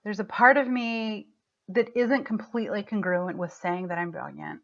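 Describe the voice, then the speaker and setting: A woman's voice: medium pitch, moderate pace, gravelly, fairly bright tone. A woman coach giving an emotional, affirming motivational talk, getting choked up as she speaks. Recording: muffled lo-fi recording.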